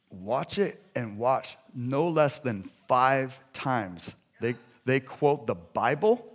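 A man preaching a sermon, retelling stories with lively energy and then dropping to soft, hushed appeals. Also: mid-range voice. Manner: animated storytelling that drops to soft, hushed appeals. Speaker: pastor.

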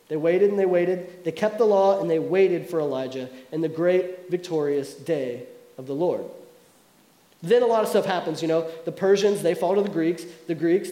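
A man's voice: high-pitched, warm tone. A man preaching a sermon in a casual, storytelling way, full of asides to the congregation. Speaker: pastor. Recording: echoey room.

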